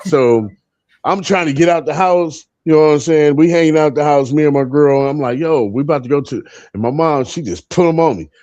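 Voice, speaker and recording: A man's voice: a little high, fairly quick, darkish tone, dry recording, muffled recording. A man in his fifties telling profane, laughing stories as a co-host on a live panel. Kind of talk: casual storytelling on a live panel.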